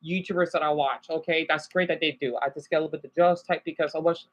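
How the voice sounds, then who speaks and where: In a low-pitched, steady voice and at a fast clip, an Arizona woman with an American accent rants through a livestream monologue on a simple home setup. She rambles, speaks emphatically and keeps asking "okay?".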